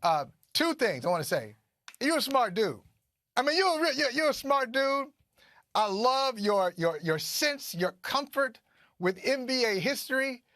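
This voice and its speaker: High-voiced, emphatic male sports host. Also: unhurried, no room sound, clean studio sound. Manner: animated and emphatic, repeats phrases for punch. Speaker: co-host of a sports talk show. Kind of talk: casual sports debate.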